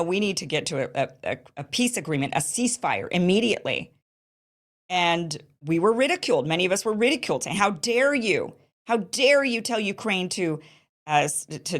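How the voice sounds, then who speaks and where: A woman with a fairly low voice delivers a political commentary monologue. She is emphatic and indignant, and she often breaks off mid-sentence to restart a point.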